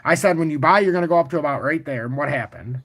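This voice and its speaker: Male livestream host, slightly high voice, brash and boastful, casual and profane. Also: fast talker, vocal fry. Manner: boastful and confident; profane, animated storytelling. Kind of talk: casual livestream chart talk, answering chat.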